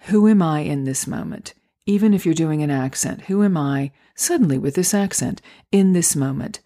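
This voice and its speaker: A woman hosting a solo podcast, talking through acting auditions in a gentle, encouraging, unhurried way. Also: sits low. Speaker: podcast host and acting coach. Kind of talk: reflective solo podcast talk. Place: home, recorded near a street.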